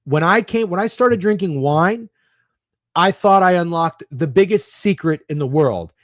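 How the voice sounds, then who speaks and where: A man's voice: high-pitched, lively intonation, unhurried, no room sound, studio quality. A man in his thirties hosting a sports betting podcast, chatting casually in a rambling, opinionated and profane way while reading live comments.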